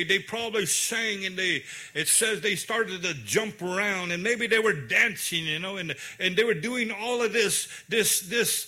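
High, bright-voiced male preacher. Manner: retelling a scripture story in his own words, with many fillers. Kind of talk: sermon.

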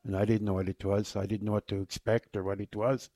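A man telling his personal faith testimony in a halting, repetitive way, often trailing off quietly. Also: lowish voice, level tone, soft background music. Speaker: former inmate sharing his faith testimony.

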